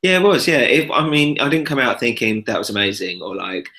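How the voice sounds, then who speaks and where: A man's voice: mid-range voice, big pitch swings, brisk, sharp tone, slight background noise. A young man chatting casually as a podcast co-host, hesitant and understated with many fillers. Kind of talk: casual chat.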